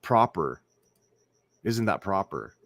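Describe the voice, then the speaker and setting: A man's voice: deep voice, sing-song, slow, vocal fry, no room sound. A man hosting a casual late-night livestream, rambling, repeating words and asking viewers whether they agree. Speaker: livestream host. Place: indoors at home, night.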